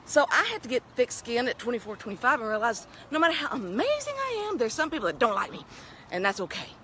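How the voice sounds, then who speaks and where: A middle-aged woman with a Texan accent talks into a handheld phone as she walks outdoors. Her fairly high voice rises and falls with lots of life. Her delivery is chatty and folksy, with a faint hiss behind it. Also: very animated, quick pace, sharp tone. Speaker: vlogger. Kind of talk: casual talking-head vlog. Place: outdoors on a town street, walking.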